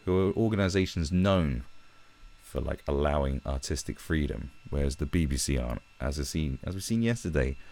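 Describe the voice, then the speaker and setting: A man's voice: extremely low pitch, normal speed. A young British man on a live stream, ranting heatedly and swearing as he talks from his own room. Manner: profane, animated, heated.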